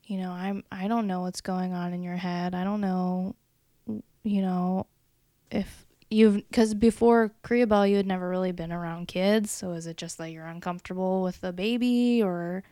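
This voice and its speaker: A woman speaking candidly in conversation, measured and thoughtful, with occasional fillers. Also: on the low side, fairly even intonation, warm tone, dry recording, studio quality. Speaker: co-host, the speaker's wife.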